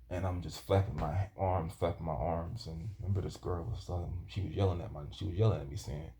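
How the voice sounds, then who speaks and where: A man telling a personal story from his youth in a halting, rambling way, often restarting his sentences. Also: sits low, dark tone, slight background noise. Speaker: vlogger.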